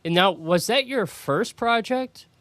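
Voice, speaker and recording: A man's voice: sits high, animated, a little slow, a bit bright, no echo. A man hosting a radio show, prompting his guest with eager, upbeat questions. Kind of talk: interview questions.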